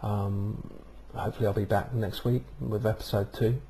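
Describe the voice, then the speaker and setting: Male vlog host, low and steady monotone, rambling, casual, webcam-miked. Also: moderate pace. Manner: rambling, many ums and uhs. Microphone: webcam microphone.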